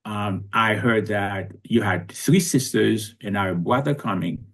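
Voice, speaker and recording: Man, sixties, lower register, reflective interview storyteller. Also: a little slow. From Haiti. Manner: reflective, conversational, with frequent restarts. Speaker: guest.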